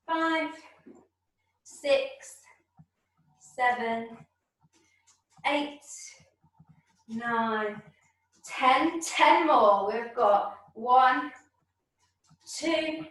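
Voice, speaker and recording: Woman fitness instructor, video call, high voice, slow cues, very echoey room, distant from the mic. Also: a bit bright. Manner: encouraging, counts reps aloud. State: out of breath at times. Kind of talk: leading an online exercise class. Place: room at home.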